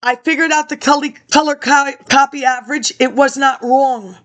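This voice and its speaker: A woman's voice: sits high, fairly even intonation, moderate pace, fairly bright tone. A woman in her fifties, a vlogger rambling through a personal story and jumping between tangents as she talks straight to her viewers.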